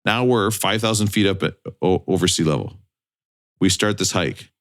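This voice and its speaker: A man's voice: low voice, moderate pace, a bit bright. A man in his twenties, a podcast co-host, telling a long story in a casual, self-mocking way with plenty of swearing. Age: 20s.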